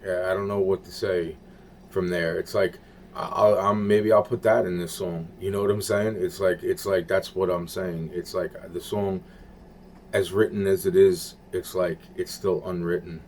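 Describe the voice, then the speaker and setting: A man with a very low, dark voice rambles through a monologue. He repeats himself, swears often and trails off mid-thought. A faint hiss sits under the recording. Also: little pitch movement, normal speed. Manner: rambling, repetitive, profane, searching for words.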